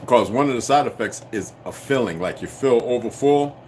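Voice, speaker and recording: A man in an unscripted rant to his audience, cursing freely and challenging anyone who disagrees. His delivery lurches from raised, almost shouted bursts down to quiet asides under his breath. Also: medium pitch, expressive, brisk, a little hiss or hum. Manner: profane, confrontational, swings from shouting to muttering. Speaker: channel host.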